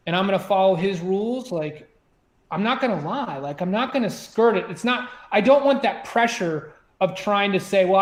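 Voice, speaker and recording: A man whose voice sits high, heard in an echoey room, spins a conversational tale from his days as a submarine officer. His telling is loose and chatty, filled with "like" and "you know" and plenty of restarts.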